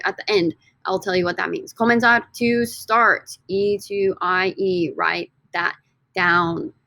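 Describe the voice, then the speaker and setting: A young woman teaches a recorded lesson in a bright, clear voice and keeps an upbeat tone. She repeats each word so students can follow along. The sound is dry and close, with no room around her. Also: medium pitch, dry recording, low-quality recording. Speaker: Spanish teacher.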